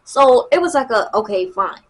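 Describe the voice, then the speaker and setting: A young woman, telling a casual storytime vlog in a chatty, animated way. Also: a little high, moderate pace. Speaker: vlogger.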